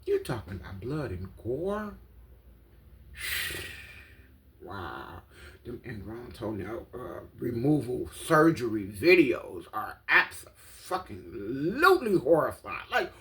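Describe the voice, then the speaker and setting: A woman, telling a casual, animated story in a vlog from her apartment, swearing, laughing and exclaiming dramatically. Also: a bass voice, slow, pauses often. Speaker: vlogger.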